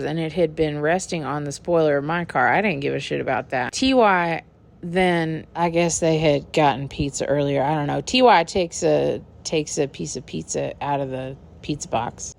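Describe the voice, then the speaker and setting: Deep-voiced woman with vocal fry, rambling casual storyteller. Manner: candid, profane, rambling.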